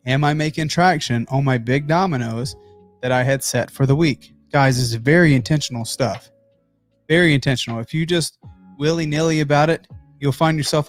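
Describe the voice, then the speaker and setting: A man hosting a motivational business talk from his home office, speaking emphatically and addressing viewers directly. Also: mid-range voice. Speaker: host.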